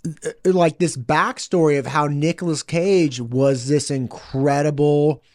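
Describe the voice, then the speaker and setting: A man hosting a podcast, casually retelling a film in an animated way and acting out the quotes. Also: fairly high pitch, no echo, clean studio sound. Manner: retells a film scene with quick acted quotes. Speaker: podcast host. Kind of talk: casual chat, animated storytelling. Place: studio.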